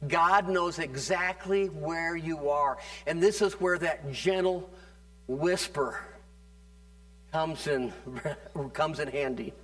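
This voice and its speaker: A man's voice: a little high, takes it slowly, a bit bright. A man preaching a sermon, emphatic and repetitive, drawing out key phrases and calling for "amen" from the congregation. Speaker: pastor.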